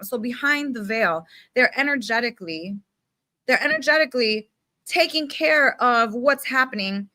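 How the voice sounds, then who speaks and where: A young woman giving an unfiltered spiritual pep talk in casual slang, emphatic and animated, with mild swearing. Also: fairly high pitch, dry recording. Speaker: spiritual self-help speaker. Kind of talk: unfiltered motivational rant.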